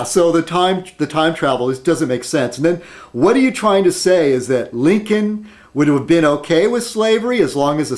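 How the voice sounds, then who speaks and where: A man rambling at his desk in an opinion video blog, arguing with many rhetorical questions and fillers. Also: on the high side. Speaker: video blogger.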